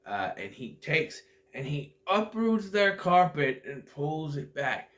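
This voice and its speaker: A man's voice: on the high side, very animated, slow pace, a bit bright. A man giving a casual, rambling movie recap that meanders and often loses its thread. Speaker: movie reviewer.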